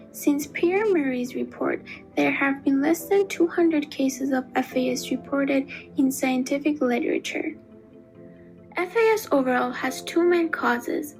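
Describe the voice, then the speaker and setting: A woman giving a scripted narration for an educational video in an even, explanatory reading manner. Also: sits high, vocal fry, rough recording. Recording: faint music behind the voice.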